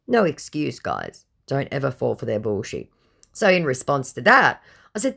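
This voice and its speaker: A woman's voice: very deep voice, very animated, moderate pace, creaky. A tired woman telling a scam-bait story in a blunt, sarcastic, exasperated way. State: tired from the heat. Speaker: vlogger recounting scam-bait chats. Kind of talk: casual storytelling to camera.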